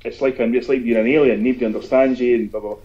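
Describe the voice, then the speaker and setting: A man with a Scottish accent, an author chatting as an interview guest, telling animated, sweary anecdotes. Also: medium pitch, racing. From Scotland. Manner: animated storyteller, swears freely. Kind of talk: casual interview chat. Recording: dull lo-fi sound.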